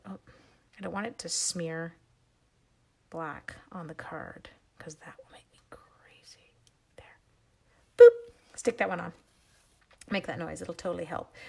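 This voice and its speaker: A woman's voice: on the low side, vocal fry. A woman from Canada hosting a live card-stamping stream, chatting as she works and thanking viewers by name. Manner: chatty, warmly addresses viewers as "my dears". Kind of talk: live craft demo chat.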